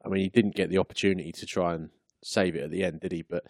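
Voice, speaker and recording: Deep-voiced man ranting about football. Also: fairly even intonation, fast, darkish tone, dry recording, studio quality. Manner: rambling, blunt, frequent restarts. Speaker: podcast co-host. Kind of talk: casual sports chat.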